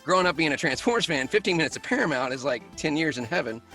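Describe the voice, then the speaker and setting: A man who works as a voice actor, chatting as an interview guest. He tells animated stories and laughs often. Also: on the high side, fast, faint music behind. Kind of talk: casual interview chat.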